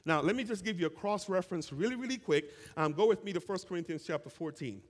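Higher-voiced preacher in a reverberant hall. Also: male voice. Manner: animated preaching with call-and-response questions to the congregation; conversational asides and quick restarts while reading scripture. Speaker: pastor. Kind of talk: sermon. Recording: long reverb of a church hall.

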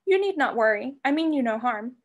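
Woman doing a storybook sorceress, cooing and sly, kinda high and theatrical. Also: animated, brisk, muffled recording. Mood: grand, scheming. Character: scheming sorceress woman, sweetly menacing, vain. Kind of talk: reading aloud a storybook.

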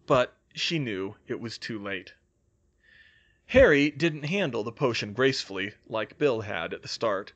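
A man narrating a fan fiction audiobook in an expressive storytelling manner. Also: mid-range voice, measured pace, dull audio.

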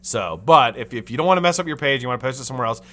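Male host from the US, chatty live-stream voice, bright tone, plenty of pitch swing, casual cussing. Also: racing. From United States. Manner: animated, chatty, swears casually. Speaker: livestream host.

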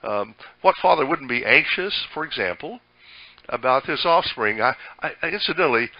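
A man's voice: mid-range voice, lively intonation, moderate pace, dry recording, lo-fi sound. An older man preaching a sermon as pastor, folksy and conversational, with many fillers and restarts.

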